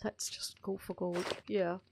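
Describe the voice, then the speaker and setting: A woman's voice: fairly high pitch, expressive, normal speed. A woman co-hosting a gaming live stream, chatting casually and telling rambling, playful stories.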